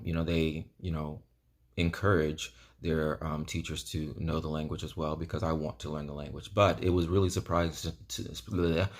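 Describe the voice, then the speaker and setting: A man talking casually to camera in a vlog, rambling earnestly with lots of ums and you-knows. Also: very deep voice. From United States. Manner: earnest and enthusiastic. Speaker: vlogger.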